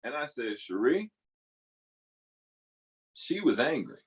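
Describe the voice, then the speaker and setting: A middle-aged man telling a family story in a casual monologue, lively, now and then jumping into high squealing voices for people he quotes. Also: takes it slowly, rough recording. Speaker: vlogger.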